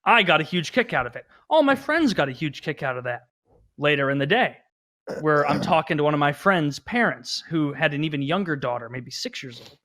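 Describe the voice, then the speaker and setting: A man's voice: on the high side, animated, brisk, a bit bright. A man on a podcast telling a long, rambling story from his youth, full of fillers and restarts. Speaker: podcast host. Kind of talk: casual storytelling chat.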